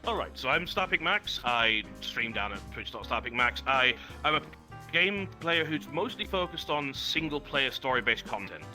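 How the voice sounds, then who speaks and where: A man's voice: medium pitch, very animated, normal speed, bright, forceful tone, soft background music. An English man from the West Country, with a posh accent, chatting as a guest streamer in a wordy, self-deprecating way, laughing often. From West Country of England. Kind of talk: casual chat.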